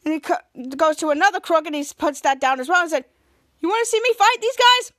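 A woman's voice: high-pitched, moderate pace, dry recording, studio quality, lightly acted. A woman voicing a smug adult male superhero who fires off showy retorts. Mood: taunting.

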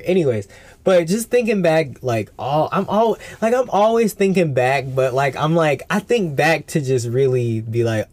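A young man in a casual solo podcast, rambling loosely with slang and swearing. His pitch sits at an ordinary middle level for a man. The sound is dry and close, with no room echo. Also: a little mellow. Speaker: podcast host.

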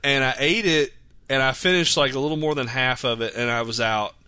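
A man's voice: medium pitch, fairly quick, sharp tone, clear, resonant tone, no room sound. A man, rambling through childhood stories in casual chat as a podcast host. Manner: rambling, self-correcting storyteller.

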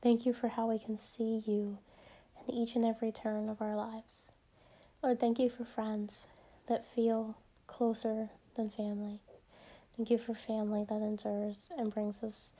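A woman with a light Midwestern accent offers a soft, hushed prayer, keeping an unhurried and gentle pace. A gravelly fry runs through her quiet delivery. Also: fairly high pitch, flat delivery. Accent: Midwestern American.

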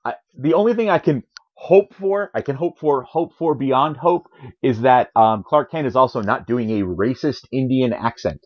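A man casually recapping a comic in a rambling, animated way, full of fillers, on a dull lo-fi recording. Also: mid-range voice, moderate pace. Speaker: podcast co-host.

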